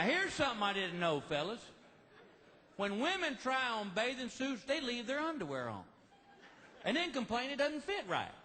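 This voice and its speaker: A middle-aged man doing a lively stand-up comedy routine, telling stories and acting out quick voices. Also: extremely high pitch. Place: large live venue with audience. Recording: live show with crowd noise.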